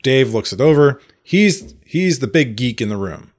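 A man co-hosting a casual movie podcast, talking in an animated way with many restarts. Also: mid-range voice, moderate pace. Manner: animated, restarts often, acts out quotes. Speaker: podcast co-host. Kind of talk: casual chat.

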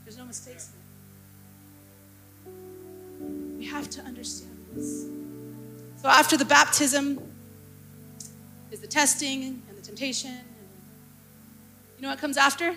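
A woman's voice: sits high, a little slow, pauses often, sharp tone, soft background music. A young adult woman pastor preaching a sermon, passionate and rising to fervent exclaiming.

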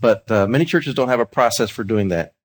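A man's voice: lowish voice, fairly quick. A middle-aged man, a pastor, giving an earnest, conversational teaching talk on evangelism, with fillers and restarts.

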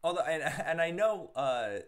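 A man's voice: on the high side, expressive, a little slow. Chatty man co-hosting a TV recap. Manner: chatty and loose, heavy use of "like", acts out quoted lines. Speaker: podcast co-host. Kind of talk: casual review chat.

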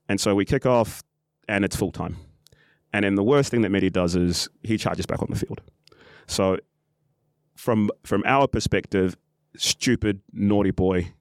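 Man, podcast host, low voice, dry close mic, casual storytelling, acts out quotes. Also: no room sound. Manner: animated, acts out quotes, many ums and restarts. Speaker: podcast host and football club official.

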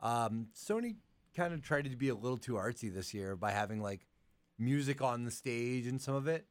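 A man's voice: medium pitch, expressive, normal speed. Congested, chatty male podcast co-host. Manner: chatty, lots of "like" fillers. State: congested from allergies. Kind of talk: casual podcast chat.

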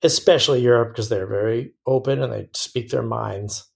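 A man's voice: medium pitch, moderate pace, vocal fry, darkish tone, slightly rough. A man as a podcast guest, talking frankly in a rambling way, often restarting and correcting himself. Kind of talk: casual interview chat.

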